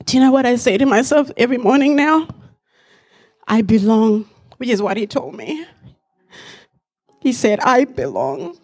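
A woman's voice: a little high, normal speed, long pauses, darkish tone. A woman in her forties, raised in Africa, giving an earnest personal testimony to a church congregation, reflective with light laughs.

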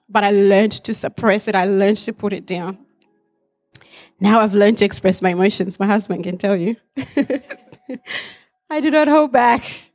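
A woman in her forties who grew up in Africa shares an earnest personal testimony with a church congregation. Her medium-pitched voice is reflective, broken up by light laughter.

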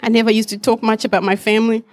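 A woman's voice: a little high, level tone, very fast, a little mellow, faint music behind. A woman in her forties, raised in Africa, giving an earnest personal testimony to a church congregation, reflective with light laughs.

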